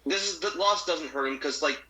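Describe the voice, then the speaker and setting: Very bright-voiced joking man. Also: fairly high pitch, fairly quick, rough recording. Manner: wry, joking. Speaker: podcast co-host. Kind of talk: casual chat.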